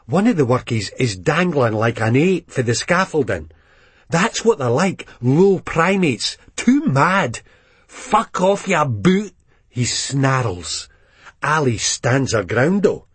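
A man with a Scottish accent reading a first-person story aloud in dialect, lively and expressive. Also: medium pitch, unhurried, slightly rough, dry recording. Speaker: reader.

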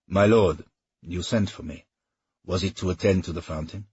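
A man voicing a cautious, aging royal adviser who speaks in a measured, deferential way in an audiobook. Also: sits low, steady tone, a little mellow, breathy edge, no room sound, highs cut off.

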